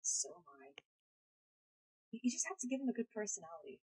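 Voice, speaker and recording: A woman's voice: fairly high pitch, sing-song, brisk, darkish tone, breathy edge, low-quality recording. A woman live streaming in casual chat, playful and blunt, swearing freely, speaking English as a second language. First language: not English.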